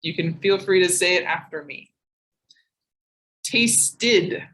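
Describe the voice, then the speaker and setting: A woman teaching English pronunciation in a live online class, saying each word slowly and twice. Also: fairly low pitch, steady tone, fairly bright tone, low-quality recording. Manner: slow, deliberate, repeats each word twice.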